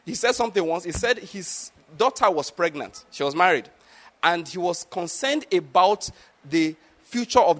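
A man's voice: high-pitched, a bit bright. A middle-aged man preaching a sermon, emphatic and often checking that his listeners follow. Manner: emphatic, repeatedly asks the congregation if they follow. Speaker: pastor.

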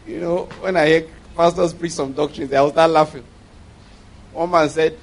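Male pastor, animated sermon delivery with humorous asides, voice sits a bit high. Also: moderate pace, gravelly, low-quality recording. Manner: animated, laughing asides, acted-out quotes.

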